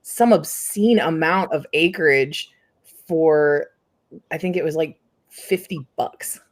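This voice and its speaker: A woman's voice: sits low, slow pace. A woman from central Indiana hosting a casual chat, rambling and giggly, with plenty of filler words. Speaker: host.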